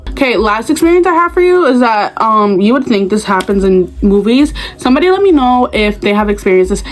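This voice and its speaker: A young woman tells school stories in a casual vlog. Her voice sits a little high, and she stays animated, slipping into quick impressions of friends and classmates. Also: low-quality recording. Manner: animated, acts out other people's voices. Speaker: vlogger. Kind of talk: casual storytime.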